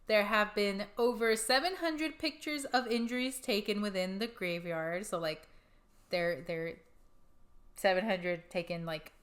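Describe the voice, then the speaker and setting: A woman's voice: medium pitch, fairly bright tone. A woman co-hosting a podcast, casually reading out ghost stories from her notes with giggly asides. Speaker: podcast co-host.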